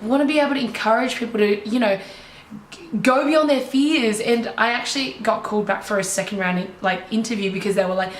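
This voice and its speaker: A young woman, a life coach, telling her own story in an animated, enthusiastic way. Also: on the high side, fast talker, slight background noise. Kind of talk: personal storytelling. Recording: roomy echo, faint ambience.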